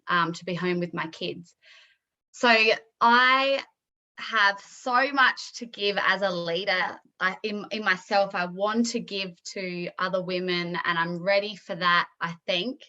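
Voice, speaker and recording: A woman in her thirties sharing emotionally on a group video call, halting with many ums and close to tears. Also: fairly low pitch, fairly even intonation, pushed and bright, muffled recording.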